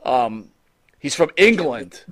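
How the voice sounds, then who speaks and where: Lively teasing male podcast host. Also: medium pitch, slow pace, a crowd in the background. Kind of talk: casual chat.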